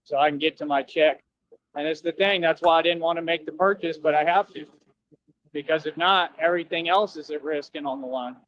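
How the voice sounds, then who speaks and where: A man's voice: on the high side, a little fast, a bit bright, muffled recording. A young man ranting on a stream clip, boastful and taunting with lots of slang.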